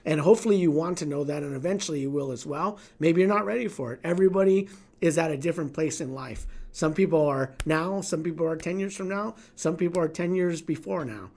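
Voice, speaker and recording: A man's voice: a little high, brisk, a little mellow. A middle-aged man hosting a livestream Q&A, talking bluntly with swearing and acting out his own inner dialogue as he tells stories and gives business advice. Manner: blunt, profane, storytelling with acted inner dialogue. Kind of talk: casual livestream Q&A talk.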